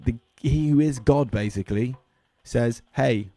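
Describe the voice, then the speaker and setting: Man, livestream host, rambling, joking, swearing, mellow dark voice. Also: medium pitch, moderate pace, no room sound. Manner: rambling, jokey, swears a lot, trails off into asides.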